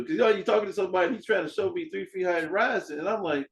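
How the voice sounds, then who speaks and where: A man hosting a podcast in casual chat, an animated storyteller who acts out dialogue and swears freely. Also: sits high, fast talker, gravelly, few pauses, low-quality recording. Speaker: podcast host.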